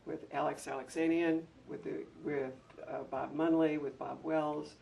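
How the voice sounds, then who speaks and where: At a public gathering, an older man recalls his time leading a school, telling heartfelt stories that spring to life as he acts out anecdotes. He speaks at a measured pace in a gravelly, slightly high voice. The distant microphone picks up faint room noise and a quiet hum.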